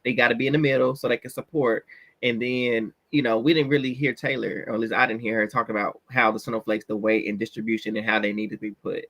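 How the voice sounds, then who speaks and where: A man chatting on a podcast, animated and quick to laugh, with playful mock-dramatic asides. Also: medium pitch, no echo. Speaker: podcast host. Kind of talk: casual chat.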